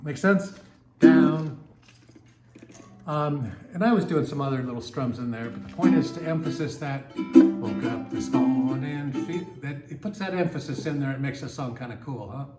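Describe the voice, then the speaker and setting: A man's voice: medium pitch, a little fast, hardly any pauses, over loud music. Chatty man teaching ukulele, roomy sound. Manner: relaxed, chatty, with many uh fillers. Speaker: ukulele club instructor. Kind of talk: casual ukulele lesson with strumming and singing.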